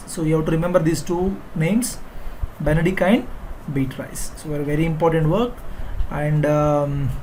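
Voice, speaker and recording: A male literature teacher with an Indian English accent gives an online exam-prep lecture, asking the class questions and filling pauses with "uh". His voice sits a little high, and a faint hiss of noise runs under the recording. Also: poor audio. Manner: repetitive, quizzing students, frequent uh fillers.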